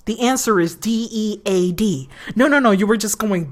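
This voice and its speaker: A woman streaming a game live, chatting casually and profanely, teasing a friend, repeating herself for emphasis and breaking into loud laughter. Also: medium pitch, expressive, moderate pace, few pauses.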